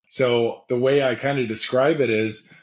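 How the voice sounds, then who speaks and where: Guy in his 40s telling old football stories, energetic and candid, mid-pitch voice. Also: measured pace. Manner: energetic, candid, animated retelling. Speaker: podcast guest, former pro football player. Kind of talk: conversational storytelling.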